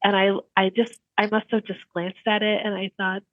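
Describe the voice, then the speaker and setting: A middle-aged woman co-hosting a casual podcast chat, telling lively stories and laughing often. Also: mid-range voice, normal speed, no room sound, phone-quality sound. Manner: animated storyteller, laughs often. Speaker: podcast co-host.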